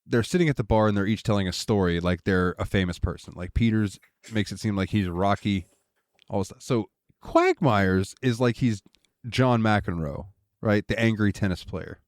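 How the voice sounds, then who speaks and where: Give me a male podcast co-host with a lowish, lively voice, recorded dry. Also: moderate pace, no room sound. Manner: animated storytelling with laughs and voices. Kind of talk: casual chat.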